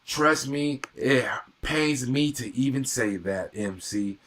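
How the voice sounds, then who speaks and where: Bright, slow-talking man calling a game. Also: mid-range voice. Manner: excitable, repeats exclamations, reads out viewer comments. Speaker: live stream sports commentator. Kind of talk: live game commentary and reaction.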